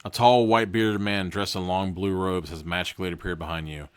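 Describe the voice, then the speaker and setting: A man's voice: sits low, steady tone, brisk, smooth. A man hosting a podcast, casually reading a horror gamebook aloud and breaking off for joking asides. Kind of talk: casual read-aloud with commentary.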